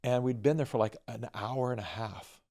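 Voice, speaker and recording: A middle-aged man, a filmmaker guest, telling animated family anecdotes and acting out the dialogue. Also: medium pitch, moderate pace. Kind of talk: storytelling in conversation.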